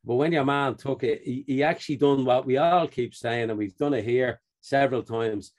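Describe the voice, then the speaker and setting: Medium-pitched and moderately paced, this lively podcast co-host tells sports stories amid casual banter with friends. He's an animated storyteller who laughs a lot and acts out quotes.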